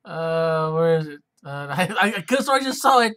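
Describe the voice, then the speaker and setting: Speaker, casual voice chat, giggly, excitable, bright tone. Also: medium pitch, moderate pace.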